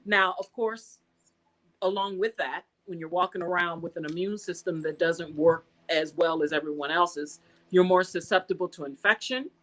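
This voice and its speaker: An American woman being interviewed, telling a personal story in a casual, animated way and acting out the dialogue she quotes. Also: on the low side, moderate pace, poor audio. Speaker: guest.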